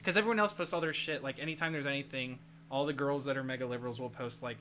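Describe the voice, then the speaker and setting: A man's voice: medium pitch, quick pace, sharp tone, a little hiss or hum. A man on a podcast, ranting heatedly in casual chat. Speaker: podcast guest.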